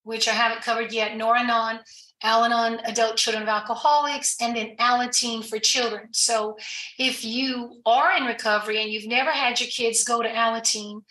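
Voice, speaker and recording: Bright-voiced woman explaining earnestly. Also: fairly high pitch, fairly even intonation, normal speed, echoey room, low-quality recording. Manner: earnest, explanatory, with frequent fillers and restarts. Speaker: guest addiction recovery professional. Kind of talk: conversational podcast interview.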